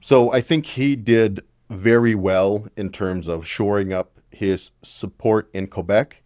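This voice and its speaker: A man's voice: lowish voice, slow pace, darkish tone, dry recording, clean studio sound. A young man hosting his own show, giving opinionated, conversational political commentary with a blunt edge. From Canada.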